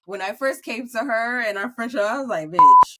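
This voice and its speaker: Tearful, bright-voiced, profane woman. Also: fairly high pitch, a little fast. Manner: candid, profane, tearful at times, quoting herself loudly. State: close to tears. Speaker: podcast co-host. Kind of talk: emotional casual chat.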